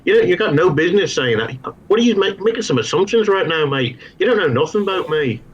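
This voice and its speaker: A man's voice: high voice, animated, fast talker, breathy edge, muffled recording, voice pushed up. A man voicing an indignant male spacer in an attempted Scouse accent, blunt and swearing. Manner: brash, swearing, affronted.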